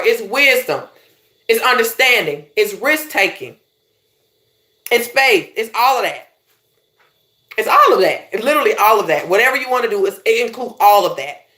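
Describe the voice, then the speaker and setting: A woman life coach with a Belizean accent, giving an animated motivational talk straight to her viewers. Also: mid-range voice. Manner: animated, preachy, direct address with "y'all".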